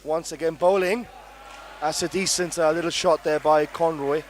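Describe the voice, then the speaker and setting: A man co-commentates a live match, putting questions to his partner and filling pauses with "uh". His voice is a little high for a man. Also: fairly even intonation, a little hiss or hum. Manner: questioning, hesitant with fillers.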